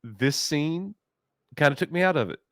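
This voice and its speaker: A man co-hosting a casual review chat, animated and mocking, with exaggerated reactions. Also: on the high side, normal speed, dry recording, clean studio sound. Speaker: co-host of a TV review show.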